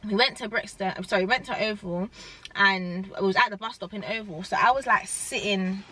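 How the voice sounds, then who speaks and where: A young woman, telling a storytime in a rambling, animated way and saying "like" often. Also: medium pitch, moderate pace. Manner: animated, rambling, heavy use of "like". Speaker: vlogger. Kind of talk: casual storytime chat.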